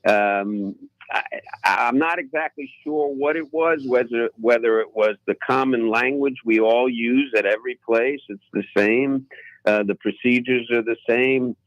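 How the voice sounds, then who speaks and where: A man guest on a radio talk show, telling his flying stories in an unhurried, halting way. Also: medium pitch, no echo, highs cut off. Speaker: pilot guest. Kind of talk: casual radio interview storytelling. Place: radio studio.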